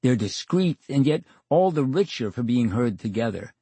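An older man spins anecdotes on a radio show, his pitch swinging animatedly as he acts out each exchange. His voice has a slightly husky edge. The studio sound is dry and close. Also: very animated, moderate pace, mellow, dry recording. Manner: theatrical storyteller, acts out dialogue, wry. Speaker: radio interview guest. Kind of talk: storytelling in a radio interview.

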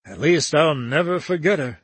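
A man voicing an easygoing young man who talks in a slow, unhurried drawl. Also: on the high side, lively intonation, slightly rough, no room sound. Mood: easy.

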